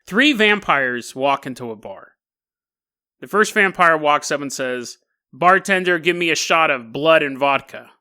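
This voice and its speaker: A man hosts a podcast alone, riffing in a loose comedic monologue. His voice is bright and lively, swinging widely up and down, and he breaks into chuckles mid-sentence while picking things apart with dry wit. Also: a little high, measured pace. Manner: animated, wry, laughs often mid-sentence. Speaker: podcast host.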